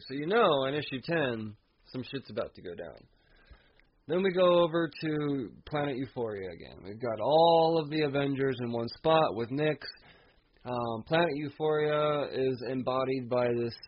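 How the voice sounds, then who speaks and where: Casual, cussing comic reviewer, a husky man on a muffled lo-fi mic. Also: mid-range voice. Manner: casual, profane, chuckling. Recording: dull lo-fi recording.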